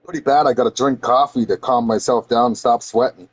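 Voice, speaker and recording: A man's voice: medium pitch, steady tone, a little fast, slightly rough. A man livestreaming, telling a story to his chat in a heated, profane ranting way. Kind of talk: casual storytelling to a stream chat. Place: home streaming setup.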